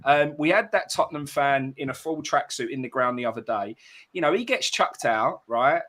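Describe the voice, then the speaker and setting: Ranting football fan, bright and lively. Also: male voice, medium pitch, normal speed. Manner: passionate, ranting, blunt. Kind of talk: heated post-match reaction chat.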